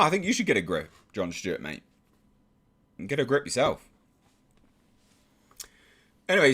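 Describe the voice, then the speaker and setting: English man, sarcastic rant, lively swooping pitch, swears a lot, casual commentary. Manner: sarcastic, exasperated, swears freely. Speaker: YouTube commentator.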